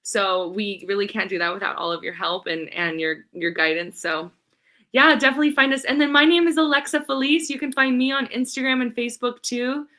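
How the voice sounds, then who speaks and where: A woman with a high, bright and forceful voice speaks as a guest on a podcast. She sounds upbeat and eager, and she hurries through addresses and contact details. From Southern California. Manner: upbeat, eager, talks quickly when giving contact details. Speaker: podcast guest, nonprofit founder. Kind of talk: casual interview chat.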